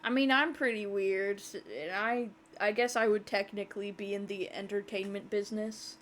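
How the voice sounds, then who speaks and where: A woman's voice: medium pitch, steady tone, normal speed, a bit bright, a little hiss or hum. A woman streamer chatting casually over a game, giggling often, rambling and swearing offhandedly. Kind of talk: casual chat over gameplay.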